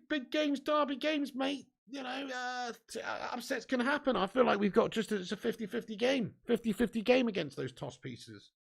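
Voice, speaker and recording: A young man with a high, bright voice and a heavy gravelly fry hosts a live football watch-along. He swaps commentary on the match with banter to his viewers, swearing freely and laughing often. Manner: gets excited at chances and goals.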